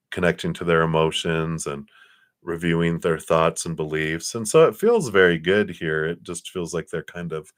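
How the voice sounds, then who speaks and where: A man giving tarot readings live. He talks gently and reassuringly, rambling with fillers and restarts. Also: very deep voice. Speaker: tarot reader.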